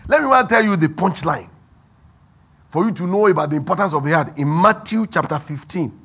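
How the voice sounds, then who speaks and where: A Nigerian pastor delivers a sermon in a somewhat high, husky voice. He drops to low, quiet asides, then climbs into loud, stretched-out lines for emphasis. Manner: preaching with sudden loud rises and drawn-out emphasis. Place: church hall.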